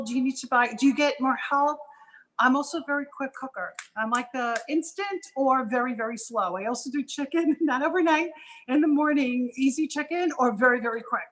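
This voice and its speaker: A woman talking as a guest on a live panel show, telling a story in an animated way with quick asides. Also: sits high, poor audio. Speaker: guest entrepreneur.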